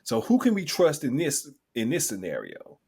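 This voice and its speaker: A man's voice: mid-range voice, wildly swooping pitch, moderate pace, vocal fry, darkish tone, husky. A man co-hosting a podcast in casual chat, playful and teasing. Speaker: podcast co-host.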